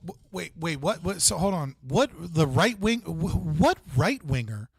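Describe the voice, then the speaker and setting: A man hosting a live stream in a chatty, rambling way, full of fillers and quick laughs. His voice sits a little higher than most men's. The sound is close and dry, with no room in it. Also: sing-song, vocal fry, slightly rough, no room sound. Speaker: live-stream host reacting to clips. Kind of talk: casual live-stream commentary.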